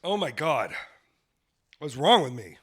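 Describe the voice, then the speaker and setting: A man's voice: on the high side, big pitch swings, slow, a bit bright, slightly rough. A man hosting a podcast, chatting casually with campy, bawdy jokes. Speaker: podcast host. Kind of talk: casual chat.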